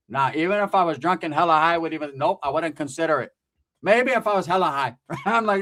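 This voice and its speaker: A man's voice: fairly high pitch, fast talker, fairly bright tone. A man from Northern California telling a comedic story in a profane, rambling, slangy way, often checking in with "right?".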